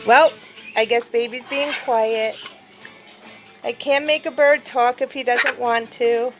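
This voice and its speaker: A woman's voice: high voice, measured pace, a bit bright, faint music behind. A woman filming her pets at home, coaxing them in sing-song baby talk and asking a bird to talk. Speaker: pet owner and vlogger. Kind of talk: casual pet vlog.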